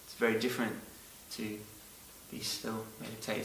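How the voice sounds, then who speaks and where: Earnest preacher in an echoey room. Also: male voice, medium pitch, fairly even intonation, normal speed, long pauses, sharp tone. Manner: earnest, emphatic on key words. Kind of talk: sermon. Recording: roomy, echoey from a distance.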